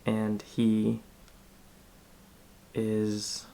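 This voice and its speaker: A man hosting a podcast live stream, chatting casually and thinking aloud in a halting way while he browses. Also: lowish voice, monotone, vocal fry, dark tone. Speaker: podcast host.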